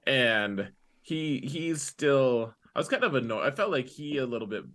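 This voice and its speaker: A young man co-hosting a podcast, rambling in casual chat and recounting scenes with quick quoted lines. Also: mid-range voice, big pitch swings, a bit bright. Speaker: podcast co-host.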